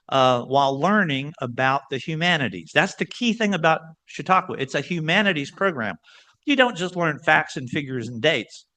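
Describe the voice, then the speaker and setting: An older man tells stories to a club audience in a bright, slightly raised voice. He is animated, leaning on pitch swings and slowed words for emphasis. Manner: animated storyteller, varies pitch and pace for emphasis. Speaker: guest speaker. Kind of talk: lively club talk. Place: club meeting room.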